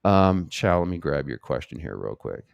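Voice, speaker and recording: A man with a very low voice hosts a casual live Q&A, reading out viewers' questions and answering them. He talks bluntly and swears freely, wandering through his points. The sound is dry and close. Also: very animated, moderate pace, gravelly, clear, resonant tone, dry recording, highs cut off. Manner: blunt, rambling and profane.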